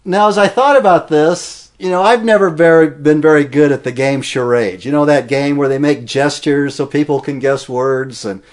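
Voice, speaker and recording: A man's voice: on the high side, fairly even intonation, moderate pace, few pauses. Earnest man preaching a sermon. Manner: earnest, explanatory, stresses key words. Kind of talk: expository sermon.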